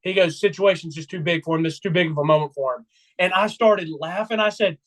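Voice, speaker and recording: A young man co-hosting a casual sports podcast, excitedly retelling a game day and acting out his own trash talk. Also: high voice, quick pace. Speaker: podcast co-host.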